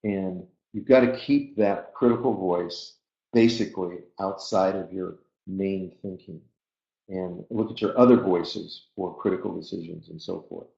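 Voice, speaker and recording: Gravelly low-voiced man giving a webinar. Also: unhurried, mellow. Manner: earnest, reflective, with hesitant fillers. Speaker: webinar presenter. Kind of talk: motivational webinar talk. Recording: dull, lo-fi audio in an echoey room.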